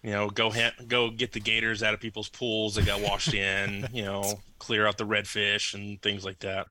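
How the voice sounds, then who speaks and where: A man's voice: on the low side, normal speed, sharp tone, no room sound. A man from Louisiana chatting as a podcast guest, rambling through a story and acting out the scene in raised voices. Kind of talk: casual chat, storytelling.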